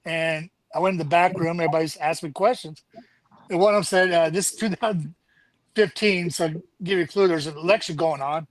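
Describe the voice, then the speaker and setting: Candid middle-aged man, high voice. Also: a little fast, dry recording, poor audio. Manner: candid, swearing, storytelling. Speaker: guest, charity founder. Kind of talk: casual chat.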